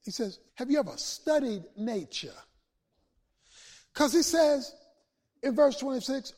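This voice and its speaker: A man a sermon to his congregation, building from steady talk to shouted peaks and back down. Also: very high-pitched. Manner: preaching with swells to shouts and dramatic pauses. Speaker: pastor.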